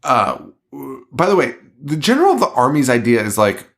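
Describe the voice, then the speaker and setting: Male podcast host, mid pitch, casual, profane, laughs a lot while ranting. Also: very animated, brisk, fairly bright tone. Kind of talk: casual chat.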